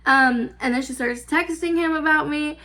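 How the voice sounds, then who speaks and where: High-voiced young woman rambling a story. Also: moderate pace, pushed and bright. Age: 20s. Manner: rambling, filler-heavy, swearing, giggly. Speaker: vlogger. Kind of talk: casual storytime.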